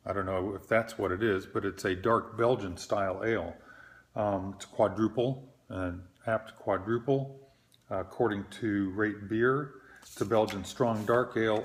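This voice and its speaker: A middle-aged man hosting his own beer review show, talking in an unhurried, hesitant way with many fillers and a self-deprecating tone. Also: on the low side. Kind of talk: casual solo beer review.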